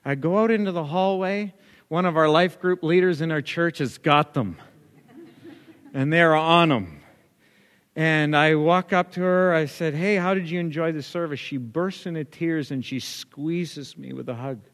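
Animated man preaching in a hall. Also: a little high, measured pace. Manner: animated storyteller building to emphatic repetition. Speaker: pastor. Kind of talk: sermon with storytelling. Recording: long hall reverb.

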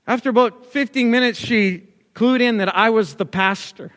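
A man's voice: very high voice, moderate pace, fairly bright tone. A male pastor preaching a sermon, telling a story and building up to emphatic, repeated lines. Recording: long hall reverb.

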